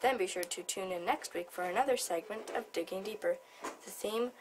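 Woman librarian, mid-pitched, steady picture-book reader. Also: moderate pace, noisy background. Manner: plain, steady storybook narration. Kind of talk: reading a picture book aloud.

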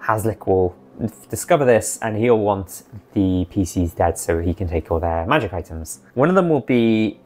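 A man recapping his tabletop campaign as dungeon master, in a chatty, animated way. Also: lowish voice, normal speed.

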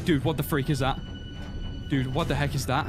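A man's voice: medium pitch, fairly even intonation, a little fast. A man reacting to gameplay in a panicky way, talking to himself. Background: game music.

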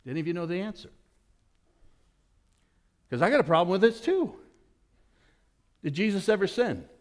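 A man's voice: high voice, normal speed. A male pastor preaching a sermon in a church, asking the congregation questions and acting out the people in the story. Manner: animated, acts out voices of people in the story.

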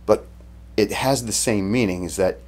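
A man preaching a sermon in a relaxed, conversational way, retelling the story casually and often restarting his sentences. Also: fairly low pitch, moderate pace. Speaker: pastor.

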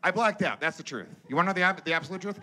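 Profane, animated male stand-up comic. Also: high-pitched, very fast. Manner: loud, animated delivery with shouted character voices; profane, conversational banter with the crowd. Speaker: stand-up comedian. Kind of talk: stand-up comedy set. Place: comedy stage before a live audience.

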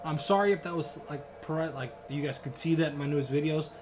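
A man's voice: a little high, brisk, background noise. Sarcastic rambling young gamer guy. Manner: rambling, sarcastic, heavy filler and swearing. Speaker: gaming YouTuber. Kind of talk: horror game let's play commentary. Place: room in a shared home.

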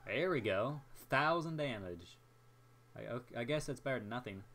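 Young guy doing chill gameplay commentary, jokey, gets all worked up, mid-pitched voice. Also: normal speed. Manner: excitable, jokey, talks to himself while playing.

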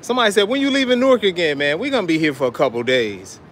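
A man's voice: sits high, sing-song, very fast, fairly bright tone, slight background noise. A man hosting a casual walk-and-talk vlog, upbeat and talking straight to his viewers as he walks through the city and into a restaurant. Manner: upbeat, addresses viewers as y'all. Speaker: vlogger. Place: city street, then inside a restaurant.

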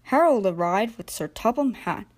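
A young woman narrating a children's train storybook in a gentle, expressive read-aloud manner. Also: on the high side, normal speed. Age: young adult. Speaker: storybook reader.

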